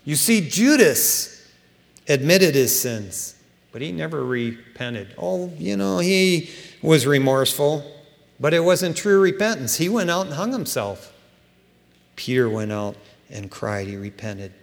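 Male pastor preaching, emphatic, animated, slightly high voice, long hall reverb. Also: unhurried, vocal fry. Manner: animated, emphatic, colloquial asides. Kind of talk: sermon.

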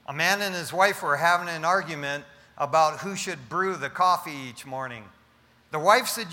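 Bright-voiced preacher in a reverberant hall. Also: male voice, a little high, normal speed. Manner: joke-telling preacher, playful asides. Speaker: pastor. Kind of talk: sermon.

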